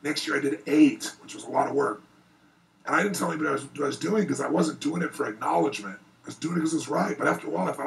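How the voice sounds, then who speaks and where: A man, a motivational speaker, telling an emotional personal story to an audience in an animated, building way. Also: on the high side, racing, gravelly, distant mic, rough recording.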